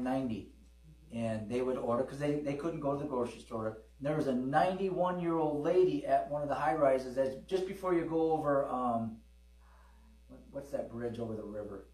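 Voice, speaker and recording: A man's voice: medium pitch, darkish tone, distant mic. A middle-aged man preaching a sermon to a congregation, telling stories in a conversational way and calling out to the people listening. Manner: conversational storytelling, with calls to the congregation. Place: church hall with congregation. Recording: echoey hall, preacher away from the mic.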